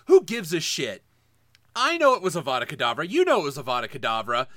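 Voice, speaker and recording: A man co-hosting a podcast in casual comedic banter, ranting excitably and swearing. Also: fairly high pitch, quick pace. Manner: excitable, swearing, rants with lots of laughter. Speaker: podcast co-host.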